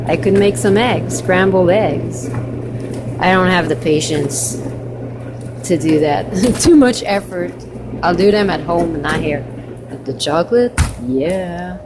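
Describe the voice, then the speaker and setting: Woman vlogger, rambling casual chat with laughs, low-ish voice, unhurried, faint room hiss behind, sick. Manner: chatty, rambling, amused asides with laughs. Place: hostel kitchen and common room.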